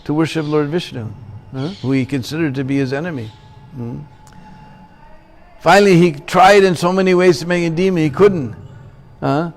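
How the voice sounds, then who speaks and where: A man preaching in a temple, telling a sacred story and checking in with his listeners. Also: fairly high pitch. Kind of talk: sermon storytelling.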